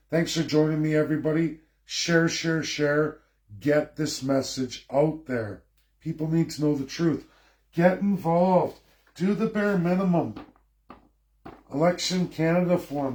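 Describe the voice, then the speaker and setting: A man giving a forceful, lecturing political rant straight to his viewers, repeating himself for emphasis. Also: on the high side. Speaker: political commentator. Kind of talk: ranting political livestream. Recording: echoey room.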